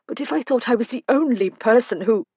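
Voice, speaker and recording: A woman voicing a polite, shrewd older lady who probes gently. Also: a little high, lively intonation, brisk, husky, no room sound, voice pushed up. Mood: probing. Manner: polite, probing.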